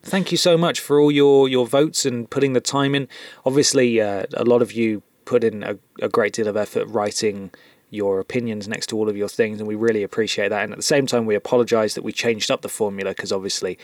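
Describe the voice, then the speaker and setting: A man's voice: on the low side, fairly even intonation, a little fast, dry recording, studio quality. A man from the UK co-hosting a podcast in loose, joking, rambling casual chat. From United Kingdom. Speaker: podcast co-host.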